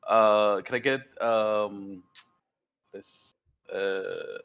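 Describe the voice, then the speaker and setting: A young man runs a tabletop game in a bright, forward voice, rambling and hesitant, full of fillers and quick restarts. The sound is dull and lo-fi. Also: on the low side, fairly even intonation, smooth. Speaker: dungeon master.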